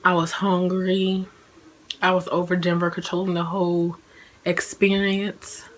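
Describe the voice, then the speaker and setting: Speaking a little slowly, this twenty-something woman vlogger chats casually about something she experienced herself. Her voice is lowish with little pitch movement, she laughs while talking and leans on "like" frequently, and the recording is low quality.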